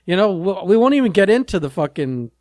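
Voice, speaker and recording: A man with a fairly high, very animated voice, co-hosting a laid-back podcast. He rants bluntly and swears freely, and the sound is close and dry. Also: fast talker, no echo. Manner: blunt, profane ranting with frequent laughter. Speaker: podcast co-host. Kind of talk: casual podcast chat.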